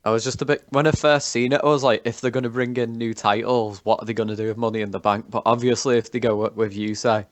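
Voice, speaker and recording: Casting: caller, mid-pitch, chatty and a bit hesitant, dry sound. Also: male voice, fairly even intonation, fast, few pauses, dry recording.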